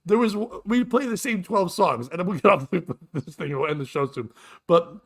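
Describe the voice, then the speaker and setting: Animated, profane man telling a story. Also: high-pitched, normal speed. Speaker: show host and comedian. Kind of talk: casual storytelling chat.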